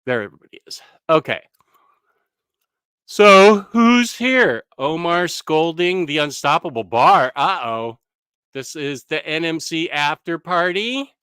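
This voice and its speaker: Man, livestream host, bright and clear, rambling, self-interrupting chatter. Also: a little high, lively intonation, moderate pace, no room sound, clean studio sound. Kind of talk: casual live-stream chat. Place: home room.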